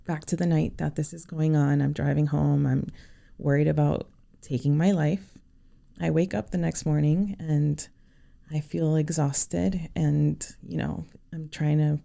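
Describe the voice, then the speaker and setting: A woman guest on a podcast, sharing a personal story in a sincere, halting way with many fillers. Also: low voice, vocal fry, mellow.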